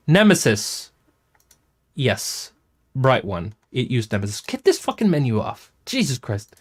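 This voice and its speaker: A man's voice: mid-range voice, very animated, measured pace. A man hosting a casual livestream, reading out and answering chat comments in a rambling, self-interrupting way with casual swearing. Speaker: music producer hosting a chat stream.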